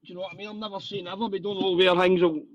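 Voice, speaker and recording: A man hosting a casual live podcast chat, blunt and sweary but warm and open. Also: sits high, level tone, racing, lo-fi sound. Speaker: host.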